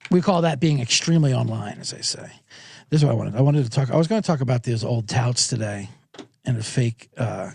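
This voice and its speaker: A man's voice: medium pitch, creaky, breathy edge, no room sound. A man hosting a podcast, rambling through a casual, irreverent and profane monologue into a close studio microphone. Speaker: podcast host. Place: home studio with monitors.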